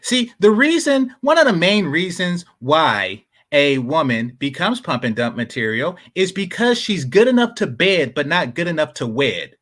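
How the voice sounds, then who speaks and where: A man's voice: on the high side, very animated, normal speed, hardly any pauses, fairly bright tone. A man giving blunt, mocking reaction commentary.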